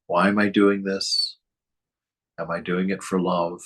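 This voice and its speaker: A man leads a reflective spiritual talk in a deep, husky voice. He speaks gently and poses question after question to his listeners, often breaking into a soft chuckle. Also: little pitch movement, measured pace. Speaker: spiritual teacher giving commentary.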